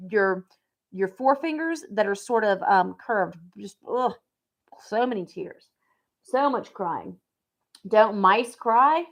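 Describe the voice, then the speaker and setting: A woman giving a casual, chatty lesson in a relaxed way, with frequent fillers as she explains. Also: mid-range voice. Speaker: teacher. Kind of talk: casual instruction.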